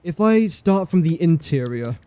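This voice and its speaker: A man's voice: on the high side, expressive, measured pace, warm tone, clean tone, dry recording. A man chatting casually during a gameplay livestream, playful and self-mocking, talking to objects in the game. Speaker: game streamer.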